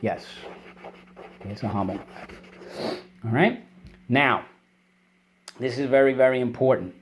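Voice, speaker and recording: A man with a medium-pitched voice teaches children spelling and vocabulary, walking through each word patiently before running call-and-response drills and praising quickly. There's a faint hiss or hum in the audio.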